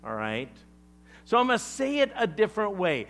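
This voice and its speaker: A man preaching a sermon as pastor, emphatic and animated, leaning on deliberate pauses. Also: high-pitched, soft background music.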